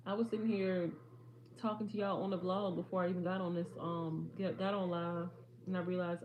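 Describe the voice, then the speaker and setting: A young woman, chatting casually with viewers on a livestream, her voice a little hoarse. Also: lowish voice, level tone, fairly quick, narrow, tinny audio. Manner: chatty, addresses viewers as y'all. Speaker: livestream host.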